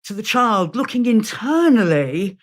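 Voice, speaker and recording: A woman's voice: medium pitch, very animated, unhurried. A woman in an interview who speaks as a parenting expert, thoughtful and conversational, often restarting sentences as she works out her point. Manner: thoughtful, with frequent restarts and fillers.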